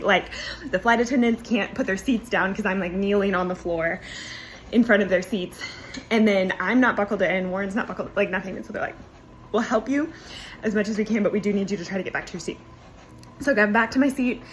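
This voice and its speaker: A young woman, a mother, telling a long personal story in a chatty, animated way, full of "like" and "anyways". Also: mid-range voice, slight background noise, poor audio. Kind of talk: casual storytelling.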